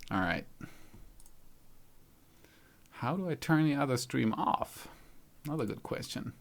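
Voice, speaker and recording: A man's voice: mid-range voice, lively intonation, unhurried, creaky. A man from Germany with a light German accent, hosting a casual live stream, thinking aloud as he fiddles with settings and reads out viewers' comments. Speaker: YouTube channel host.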